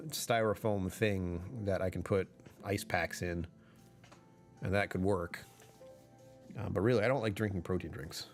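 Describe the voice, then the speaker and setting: Rambling, low-voiced male streamer. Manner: rambling, self-correcting, often laughing mid-sentence. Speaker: livestreamer. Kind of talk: casual livestream chat.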